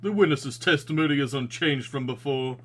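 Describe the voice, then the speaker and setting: A man's voice: mid-range voice, moderate pace, a bit bright, natural voice. A man voicing an arrogant, dismissive male prosecutor in a courtroom game. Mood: haughty. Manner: haughty, curt.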